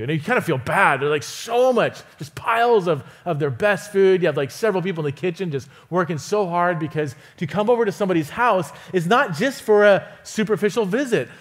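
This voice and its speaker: A man giving a sermon as a guest preacher in a church, telling stories in an animated way, acting out the quoted voices and chuckling often. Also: high-pitched. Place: church auditorium.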